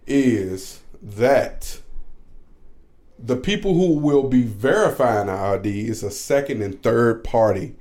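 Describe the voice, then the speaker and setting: Man, podcast co-host, casual chat, joking, teasing, swooping lively pitch.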